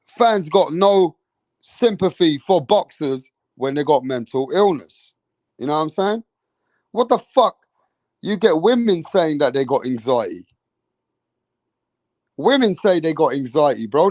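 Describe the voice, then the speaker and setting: A man's fairly high voice, loose and profane, hyping up his chat on a boxing livestream. The sound is dry and close, with little room in it. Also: animated, a little slow, dry recording. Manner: loose, profane, hypes up chat with shout-outs. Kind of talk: casual livestream chat reading comments.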